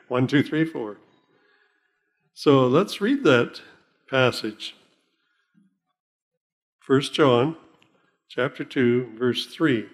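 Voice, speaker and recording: An older man preaching a sermon as pastor, folksy and rambling, often chuckling and slowing down to read scripture aloud. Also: medium pitch, lively intonation. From Oklahoma.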